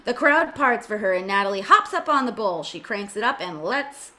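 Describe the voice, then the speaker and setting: A woman's voice: mid-range voice, expressive, moderate pace, pushed and bright. A woman reading the stage directions aloud in an amateur script reading, adding joking asides as she goes.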